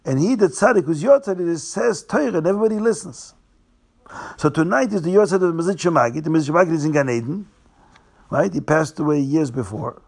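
A man telling a Hasidic tale, restating names and slowing down for drama. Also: a little high, animated, creaky, a little mellow. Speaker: storyteller.

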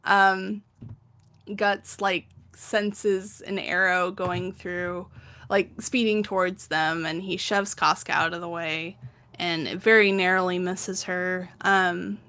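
A woman's voice: fairly low pitch, slow. A young woman in casual chat, animatedly retelling a manga story with lots of laughter and acted-out lines. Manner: animated storytelling, acts out characters' lines, frequent laughter and fillers. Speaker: podcast co-host recapping a manga.

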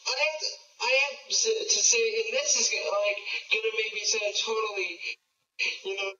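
Bright-voiced man rambling on a podcast. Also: high voice, steady tone, normal speed, soft background music. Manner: rambling, enthusiastic, repeats himself. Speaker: podcast co-host. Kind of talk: casual chat. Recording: echoey, distant, dull lo-fi sound with faint hiss.

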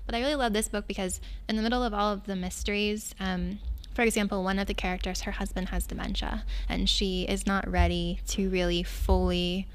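A woman's voice: medium pitch, level tone, brisk, hardly any pauses, clear, resonant tone. Woman, young adult, librarian, casual book chat, enthusiastic, self-mocking. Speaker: librarian and podcast host. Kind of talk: casual chat about books.

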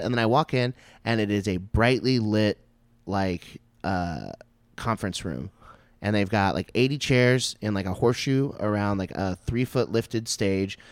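A man, a stand-up comic, telling a story in casual chat, animated and full of swearing and "like" fillers. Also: lowish voice, normal speed, no room sound. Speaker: stand-up comedian.

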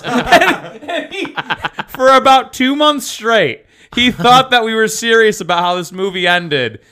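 A man's voice: very high voice, expressive, measured pace, sharp tone. A man co-hosting a podcast, telling a long rambling anecdote in casual chat, full of fillers and laughter. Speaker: podcast co-host.

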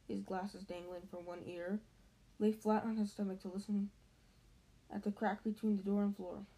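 A woman's voice: mid-range voice, warm tone, low-quality recording. A woman reading a novel aloud in a casual way, tripping over words and restarting now and then. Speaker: reader.

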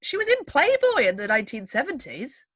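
A woman's voice: high voice, wildly swooping pitch, brisk, fairly bright tone, no room sound. A woman hosting a podcast, telling a story in a chatty, wry way with lots of asides. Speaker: podcast host. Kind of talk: casual chat.

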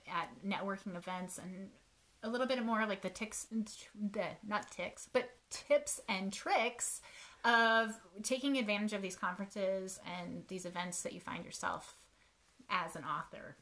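Bright, chatty woman storyteller. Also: mid-range voice. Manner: chatty, self-mocking storyteller, laughs often. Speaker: podcast co-host, author. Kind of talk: casual chat.

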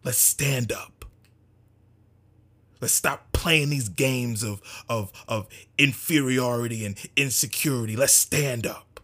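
A man speaks to his community in an impassioned monologue, his voice husky and middle-pitched. He drives his points home with fervent repetition, rising to forceful emphasis and dropping to near-whispers. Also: a little slow, few pauses.

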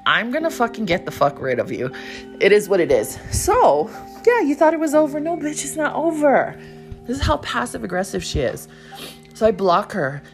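A woman hosting her own podcast, telling a story in a blunt, profane, casual monologue from home. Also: low voice. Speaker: podcast host.

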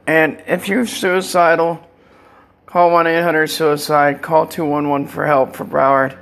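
An older man with a gravelly voice delivers a rambling monologue, and it sits a little high for a man. He sounds defiant and taunting, and he keeps slipping into laughter as he goes. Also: little pitch movement, a little slow, a bit bright. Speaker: vlogger.

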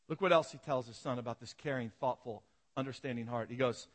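A man's voice: medium pitch, fast. A man preaching a sermon as pastor, telling stories animatedly and acting out the voices in them.

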